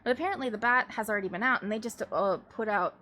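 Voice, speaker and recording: A young adult woman hosting a livestream, chatting casually in a rambling, animated way and often breaking into laughter. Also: a little high, fast, slight background noise. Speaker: livestream host. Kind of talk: casual chat.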